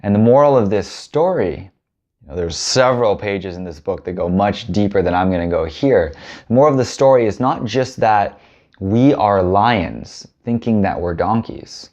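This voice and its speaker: A man's voice: lowish voice, expressive, moderate pace, a little mellow, dull audio. A man hosting a self-help video, giving an earnest, musing talk and telling stories in a casual way. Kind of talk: reflective spoken talk with storytelling.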